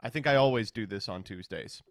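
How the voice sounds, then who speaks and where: A man streaming and casually chatting, answering viewer questions in a sardonic, profane, animated way. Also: lowish voice, fairly quick, no room sound, clean studio sound.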